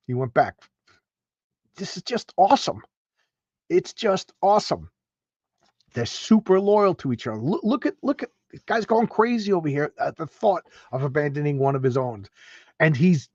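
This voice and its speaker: Excitable man gushing over comics. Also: medium pitch, no room sound, highs cut off. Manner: excitable, gushing, stumbles and restarts often. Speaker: comic book reviewer. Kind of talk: enthusiastic comic page read-through.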